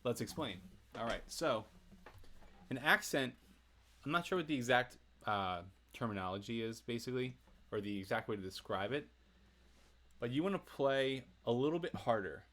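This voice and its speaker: Teaching a song on a livestream, a man speaks at normal speed in a mid-range voice, pausing often. He's relaxed and chatty, answering viewers and laughing between explanations as faint acoustic guitar plays in the background.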